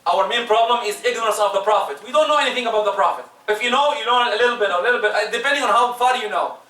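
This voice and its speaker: A man preaching a Friday sermon, emphatic, with his voice swinging between loud rises and soft drops. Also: extremely high pitch, very fast. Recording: echoey room, distant mic.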